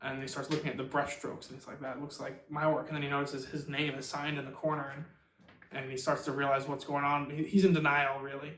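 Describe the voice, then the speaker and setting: A man's voice: mid-range voice, little pitch movement, quick pace, a bit bright. A man hosting a book channel, giving a casual, rambling, filler-heavy summary of a novel. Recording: roomy echo, far from mic.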